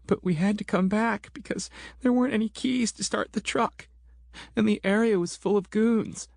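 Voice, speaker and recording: A man's voice: sits high, normal speed, creaky, no echo, clean studio sound, pitched above the performer's own voice. A man voicing a distraught young woman survivor, screaming and wailing as she describes a loss. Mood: frantic.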